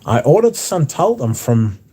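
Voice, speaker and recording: A man's voice: medium pitch, big pitch swings, unhurried, dark tone, slight background noise. A man hosting a casual livestream, reading out chat messages in a blunt, mouthy way with frequent swearing. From not American. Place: bar, windy.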